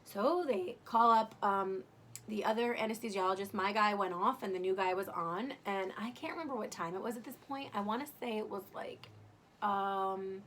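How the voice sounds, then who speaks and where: A woman's voice: mid-range voice, moderate pace, fairly bright tone, a little hiss or hum. A young adult woman casually telling the story of giving birth, chatty and candid, full of "like" and the odd swear. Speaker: new mother telling her birth story.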